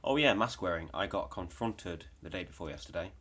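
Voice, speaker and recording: A man's voice: low voice, expressive, fairly quick, fairly bright tone. A young man telling a story in a rambling, casual way, with lots of fillers and swearing. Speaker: vlogger.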